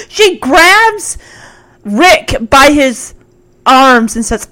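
A woman casually recapping a TV episode, giggly and animated, acting out the lines. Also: on the high side, very slow, low-quality recording. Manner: giggly, animated, acts out quotes. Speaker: recap host.

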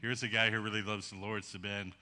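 Folksy man missionary, very bright voice. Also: fairly low pitch, level tone, quick pace. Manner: folksy, casual, says "man" often. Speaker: missionary guest speaker. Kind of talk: sermon.

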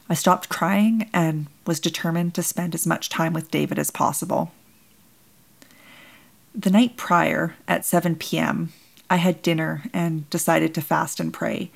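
A woman narrating her own memoir as a mother, in measured, solemn, short plain sentences. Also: deep voice, vocal fry. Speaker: bereaved mother telling her story. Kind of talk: first-person memoir narration.

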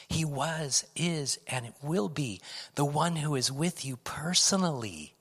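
Middle-aged pastor preaching in a reverberant hall. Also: male voice, fairly high pitch, animated, slow pace, breathy edge. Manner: swings between loud emphatic lines and hushed whispers. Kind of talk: sermon. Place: church sanctuary.

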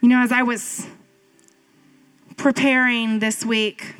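A woman pastor in her thirties preaching a sermon in a conversational, storytelling way, often jumping up in pitch for emphasis. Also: little pitch movement, slow, fairly bright tone, smooth, poor audio. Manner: conversational, with filler "like" and asides.

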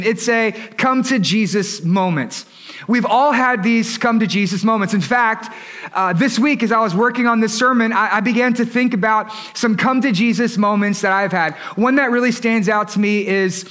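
High-voiced man preaching a sermon. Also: fairly bright tone. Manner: conversational preaching with questions to the congregation. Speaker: lead pastor.

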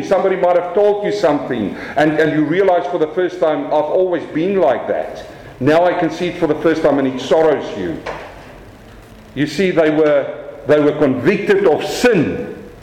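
A man with a South African accent preaching a lively sermon from the pulpit. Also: sits high, roomy sound, low-quality recording. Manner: animated preaching, swings from quiet to raised. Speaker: pastor.

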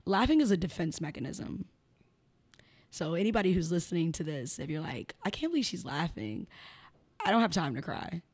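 Blunt, candid woman with a lowish voice. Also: animated, a little fast, a little mellow, breathy edge. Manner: blunt, frank, laughs often. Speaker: podcast guest, entrepreneur. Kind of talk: candid conversational interview.

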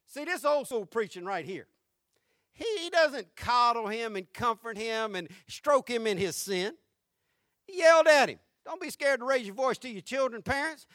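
A male pastor preaching a sermon with fervor, going from hushed tones to shouting and repeating his points. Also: very high voice, expressive, normal speed, no room sound, studio quality. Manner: fervent preaching, swinging from hushed to shouting, with repetition.

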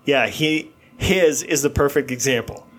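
A man's voice: medium pitch, measured pace, fairly bright tone, breathy edge, faint music behind. A middle-aged man with a mid-range voice, chatting as a podcast co-host. He is blunt and crude, and he laughs easily through the conversation. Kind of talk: casual chat.

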